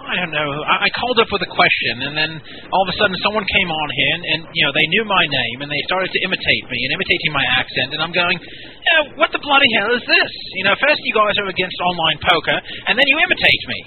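A man's voice: high voice, expressive, fast, voice pushed up. Man putting on a pompous British colonel. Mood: indignant. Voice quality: hesitant, stammering, quaint old-fashioned slang. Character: pompous fussy British army colonel, middle-aged man. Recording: phone-like lo-fi with faint noise.

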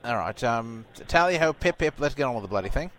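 A man's voice: medium pitch, animated, fast, noisy background, natural voice. A man playing a pompous retired British colonel who stammers and gets indignant when doubted. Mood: huffy. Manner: stammering, indignant, easily flustered. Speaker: prank caller posing as a reporter.

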